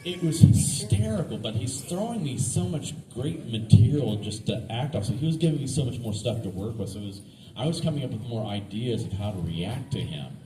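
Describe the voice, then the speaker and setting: A man of mid pitch spins stories for a convention crowd, easygoing and ready to laugh at himself, tripping over his words as he goes. His voice bounces around a roomy hall. A steady wash of noise runs behind him. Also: a little fast, distant mic. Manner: chatty, self-deprecating storyteller with many restarts. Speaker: actor guest on a convention panel. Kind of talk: anecdotes at a fan convention panel. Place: convention panel room. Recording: echoey panel room with background noise.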